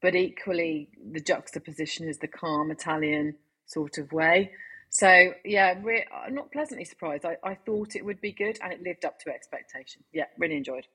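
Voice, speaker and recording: A woman's voice: on the low side, moderate pace, slightly rough. A woman co-presenting a casual TV review, talking enthusiastically with frequent restarts. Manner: hesitant, many restarts, warm enthusiasm.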